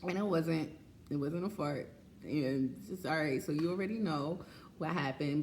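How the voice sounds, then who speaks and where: With a low-pitched, somewhat dark voice and a moderate pace, this woman chats frankly in a casual vlog, laughing frequently. The recording carries a little hiss or hum and comes from an echoey room with faint ambience.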